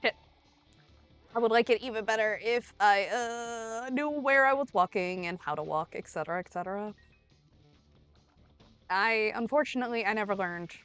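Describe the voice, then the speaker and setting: A young woman streaming a game and chatting casually, rambling and playful, with sudden loud outbursts, while she is under the weather. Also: a little high, moderate pace, long pauses, clean tone. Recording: faint music behind.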